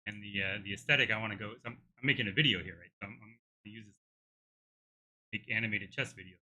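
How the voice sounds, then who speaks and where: A middle-aged game developer streams live, coding and thinking aloud in a fairly low, quick, pushed and bright voice with a tired throat. He's hesitant, restarting often as he works things out.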